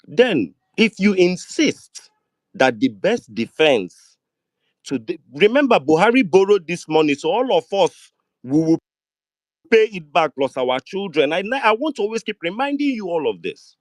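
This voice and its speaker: A man's voice: high voice, very animated, normal speed, dry recording, studio quality. A man with a Nigerian accent in a heated online debate, insistently pressing the same question. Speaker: debate participant.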